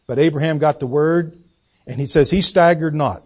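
A man in his sixties, a pastor preaching a folksy, self-deprecating sermon with halting restarts. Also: fairly high pitch, darkish tone, slightly rough. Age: 60s.

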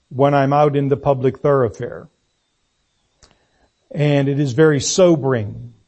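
A man preaching a sermon, reading scripture and praying in a deliberate, emphatic way. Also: medium pitch, a little mellow. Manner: slow, deliberate, emphatic delivery.

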